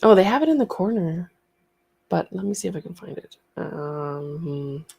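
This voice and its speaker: A woman's voice: on the low side, lively intonation, moderate pace, vocal fry, darkish tone, husky. A woman hosting a casual studio livestream, chatty and rambling, laughing easily.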